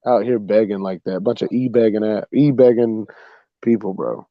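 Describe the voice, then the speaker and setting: A young man hosting a livestream, casually telling a funny story, animated and saying "bro" a lot. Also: lowish voice, normal speed, dry recording, lo-fi sound. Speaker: livestream host.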